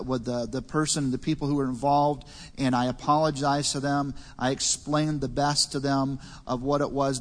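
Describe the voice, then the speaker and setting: A man leads a church panel discussion, talking in a plain, measured way and keeping the questions moving. His voice sits in the middle range for a man. It carries a long reverb, as if from a large hall. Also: mid-range voice. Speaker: panel host.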